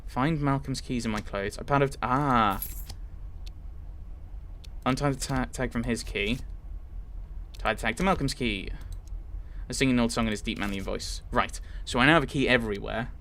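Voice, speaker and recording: A man playing a narrative game, reading choices aloud and thinking out loud as he goes. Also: medium pitch, moderate pace, pauses often, slight background noise. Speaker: let's player.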